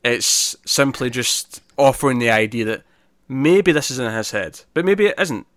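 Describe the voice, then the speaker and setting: Bright-voiced man reviewing a film. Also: mid-range voice, moderate pace, dry recording, studio quality. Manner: rambling, frequent restarts, animated emphasis. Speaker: podcast co-host. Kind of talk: casual film review chat.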